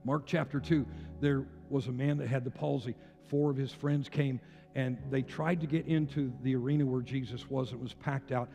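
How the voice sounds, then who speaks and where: A man in his sixties, a pastor, preaching with passionate rising declarations and quieter storytelling. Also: medium pitch, fairly even intonation, moderate pace, creaky. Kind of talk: sermon. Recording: long hall reverb with faint music.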